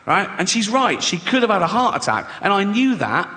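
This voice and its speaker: A man's voice: high-pitched, big pitch swings, fairly quick, pushed and bright. An English man doing a stand-up comedy set on a large theatre stage, sardonic and profane, acting out silly voices. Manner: sardonic, acts out silly voices and swears freely. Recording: long hall reverb from a big venue.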